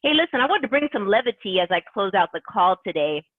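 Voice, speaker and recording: A woman's voice: mid-range voice, very animated, fast, no room sound. A woman closing a team conference call with enthusiastic, rambling motivational talk, full of fillers. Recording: tinny conference call line.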